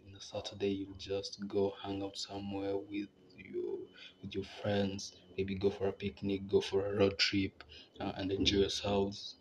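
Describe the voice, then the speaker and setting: A young man hosts a casual podcast, rambling and laughing in a relaxed way. His voice sits a little low. Faint background noise hangs under his talk. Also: muffled recording. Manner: laid-back, rambling, laughs between phrases. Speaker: podcast host.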